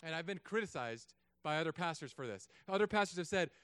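A man's voice: fairly high pitch, lively intonation, fast, clear, resonant tone, dry recording. Casual joking male pastor preaching. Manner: casual, joking, swings between quiet asides and loud emphatic preaching. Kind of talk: sermon. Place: church.

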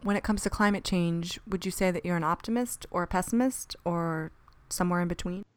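Female host, calm careful reader, lowish smooth tone. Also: fairly quick, dry recording, studio quality. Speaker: podcast host. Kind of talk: interview and scripted narration.

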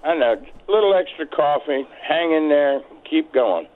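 A man from Maryland calling in to a radio show, telling a story in a halting, rambling way with many fillers. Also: fairly high pitch, lively intonation. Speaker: caller. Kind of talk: phone call to a radio show. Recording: tinny phone line.

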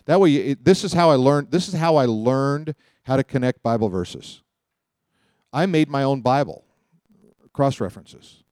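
A man giving a Bible lesson like a sermon, animated and quick to joke as he tells stories. His voice sits at an ordinary pitch and sounds dry and close, with almost no room around it. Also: dry recording. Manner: animated, joking, storytelling. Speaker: Bible teacher. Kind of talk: teaching sermon.

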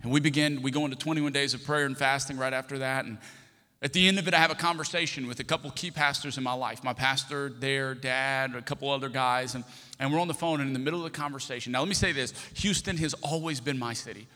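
Bright-voiced pastor in a big reverberant hall. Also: male voice, medium pitch, fast talker. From Texas. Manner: animated storyteller, acts out dialogue. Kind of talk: storytelling sermon. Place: large church hall.

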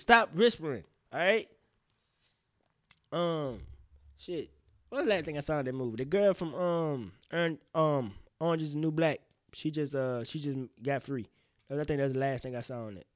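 A man hosting a casual solo podcast, rambling in slang with profane, animated outbursts. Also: a little high, moderate pace, no room sound, studio quality. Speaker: podcast host.

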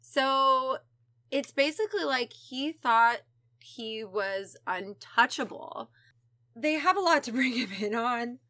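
A woman's voice: sits high, expressive, takes it slowly, pushed and bright, no echo. A woman hosting a casual chat, telling a true crime story in a profane, offhand way and acting out what people said. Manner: casual, profane, acts out quotes.

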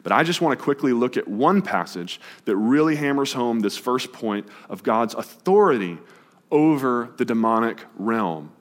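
A man preaching to his congregation, casual and brisk, moving quickly between scripture and plain explanation. His medium-pitched voice carries a long reverb tail off the walls of the church sanctuary. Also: lively intonation. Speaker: pastor. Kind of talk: sermon.

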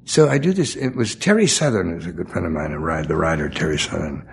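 An older man with a gravelly voice, a guest actor telling rambling showbiz stories in a casual interview and acting out the quotes. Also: sits low, lively intonation, quick pace. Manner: rambling storyteller, acts out quotes.

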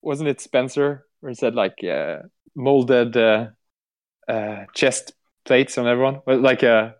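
A man's voice: mid-range voice, slow pace. Swedish male podcast host, loose and rambling, swears freely, many fillers. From Sweden. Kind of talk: casual chat.

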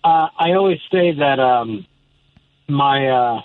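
A man's voice: mid-range voice, expressive, slow pace, dry recording. A man calling in to a radio show from his car, chatting casually and hesitantly, with lots of fillers. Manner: hesitant, rambling, many fillers. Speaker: radio caller. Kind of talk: casual call-in chat. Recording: tinny phone line.

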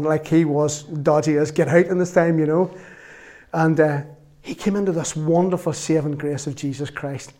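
A man, a lay preacher telling a Bible story in an animated, chatty way with humorous asides. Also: fairly high pitch. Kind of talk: storytelling sermon.

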